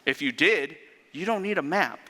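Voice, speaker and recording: Animated preacher in a reverberant hall. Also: male voice, a little high, moderate pace. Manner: animated, rhetorical questions, sarcastic asides. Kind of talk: sermon. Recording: long reverb of a large hall.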